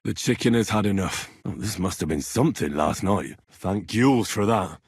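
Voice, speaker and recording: Hot-tempered young medieval blacksmith's son for a game; husky, dry studio read. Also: male voice, on the low side, lively intonation, moderate pace, no echo. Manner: swears in anger, blunt and wry. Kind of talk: video game voice lines.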